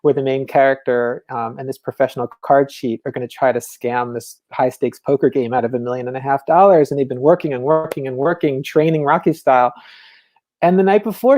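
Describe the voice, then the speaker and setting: A novelist giving a casual, enthusiastic talk on writing, speaking conversationally with many fillers. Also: male voice, mid-range voice, darkish tone.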